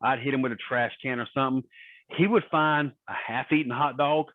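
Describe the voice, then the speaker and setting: A man's voice: medium pitch, steady tone, fairly quick, no echo. A man guesting on a podcast, telling profane, laughing anecdotes on a remote call. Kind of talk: casual storytelling. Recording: tinny phone-line sound.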